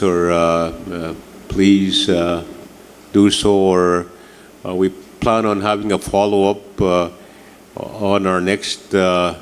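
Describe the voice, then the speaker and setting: A man giving closing remarks at a workshop, halting and earnest, with many fillers. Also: sits low, slight background noise. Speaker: workshop presenter.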